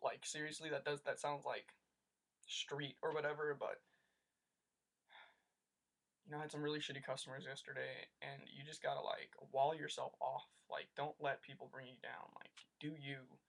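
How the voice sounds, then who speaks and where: A young man telling a rambling story to his webcam, animated and full of "like", in a casual vlog. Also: mid-range voice, moderate pace, creaky. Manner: rambling, animated rants with lots of "like". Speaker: vlogger.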